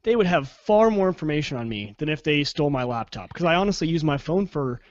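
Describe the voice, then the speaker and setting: A man co-hosting a casual tech podcast, quick and agreeable. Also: on the high side, expressive, no echo, muffled recording. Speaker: podcast co-host.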